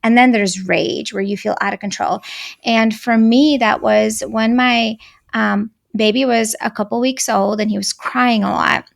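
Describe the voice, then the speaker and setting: Gravelly-voiced Russian-native woman, candid. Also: fairly high pitch, steady tone, measured pace. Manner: earnest, candid storytelling. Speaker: guest. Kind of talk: casual interview chat.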